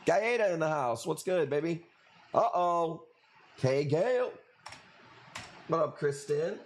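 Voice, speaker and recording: A man's voice: on the high side, animated, takes it slowly, a little hiss or hum. Loose-talking guy hosting a stream. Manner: loose, profane banter with viewers, says dude a lot. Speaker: live coral auction stream host. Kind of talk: casual live-stream chat and auctioneering.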